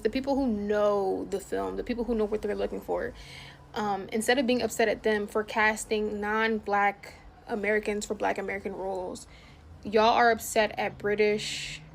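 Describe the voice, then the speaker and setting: A woman speaking in an exasperated, emphatic rant with a gravelly edge. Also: medium pitch, slight background noise. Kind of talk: casual rant.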